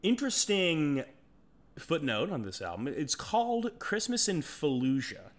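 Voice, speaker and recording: A man's voice: fairly high pitch, big pitch swings, a little slow. A man co-hosting a podcast in casual chat, rambling and swearing freely. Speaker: podcast co-host.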